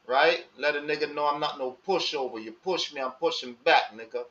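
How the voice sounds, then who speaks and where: A man talking casually and slowly to his live audience in street slang, asking viewers for their advice. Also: fairly high pitch, a bit bright, slight background noise. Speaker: live stream host. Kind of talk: casual monologue to live chat. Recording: echoey room, dull lo-fi sound.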